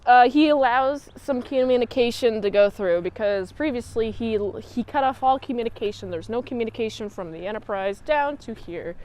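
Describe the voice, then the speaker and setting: High-voiced woman rambling through a recap. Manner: rambling, animated, playful. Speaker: show reviewer. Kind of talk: casual episode recap.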